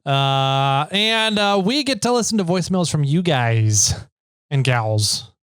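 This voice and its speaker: Guy cohosting a podcast, jokey and chatty, kinda high voice, dry close mic. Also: animated, slow pace, a bit bright, smooth, no echo. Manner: joking, chatty. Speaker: podcast co-host. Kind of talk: casual podcast chat.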